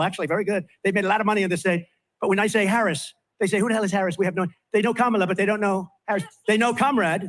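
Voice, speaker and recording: An older man speaks from a stage at a campaign rally, his high voice a bit bright. The speech rambles, packed with repetitive, off-the-cuff asides.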